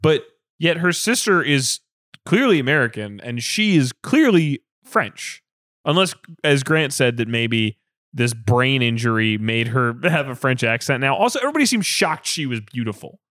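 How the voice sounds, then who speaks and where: A man's voice: medium pitch, sing-song, normal speed, a bit bright, no room sound, clean studio sound. A man co-hosting a casual movie review chat, talking in a loose, rambling way with swearing and fillers. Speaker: podcast co-host.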